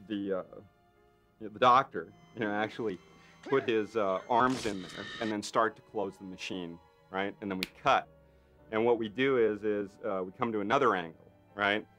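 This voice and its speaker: A man with a low voice tells a behind-the-scenes story in an animated way. Now and then he acts out other people's lines, and soft music plays under his voice. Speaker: makeup effects artist. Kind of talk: interview anecdote.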